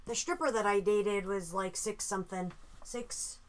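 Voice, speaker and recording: A young woman hosting a live painting stream, chatting casually while she works, joking, swearing freely and mimicking people in quick asides. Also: medium pitch.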